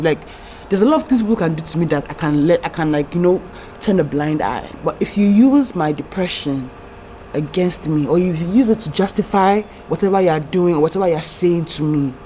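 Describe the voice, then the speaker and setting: A woman's voice: fairly low pitch, dark tone, slight background noise, low-quality recording. Candid young woman on a confessional vlog. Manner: candid, rambling, heartfelt. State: tearful, trying not to cry. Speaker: YouTube vlogger.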